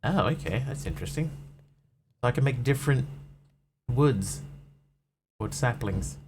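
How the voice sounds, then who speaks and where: A man's voice: mid-range voice, animated, unhurried, a little mellow, a little hiss or hum. Chatty man streaming a game. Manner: chatty, rambling, self-mocking. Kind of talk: casual live-stream chat while gaming.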